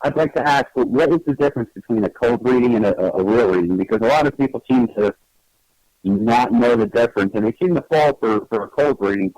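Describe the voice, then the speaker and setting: Halting, teasing man hosting radio. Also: medium pitch, a little mellow, no room sound, poor audio. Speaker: host. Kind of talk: casual radio chat.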